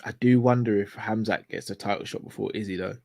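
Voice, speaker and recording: A man's voice: fairly low pitch, fairly even intonation, fairly quick, gravelly, a little mellow, dry recording, studio quality. A man hosting a casual fight watchalong, chatty and upbeat, signing off like a show host. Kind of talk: casual fight commentary chat.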